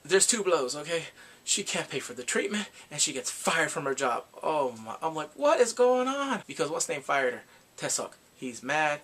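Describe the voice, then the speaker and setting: This is a young man with a voice a touch higher than most men's. He retells a story in a loose, chatty vlog style. He is expressive and theatrical, and he throws in exclamations as he goes. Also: normal speed, breathy edge. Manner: animated, dramatic storytelling with exclamations. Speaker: drama reviewer. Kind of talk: casual recap vlog.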